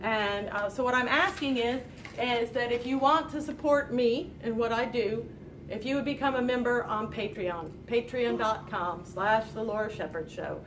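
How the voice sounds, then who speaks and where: A woman's voice: on the high side, moderate pace, distant mic, background noise. A woman in her late fifties hosting a talk show, telling a rambling, self-deprecating story to a live audience. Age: late 50s. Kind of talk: casual chat to a live audience.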